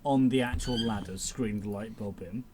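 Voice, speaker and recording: A man's voice: fairly low pitch, moderate pace, background noise. Casual, swearing podcast co-host man. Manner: rambling, animated storytelling with heavy swearing. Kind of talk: casual chat.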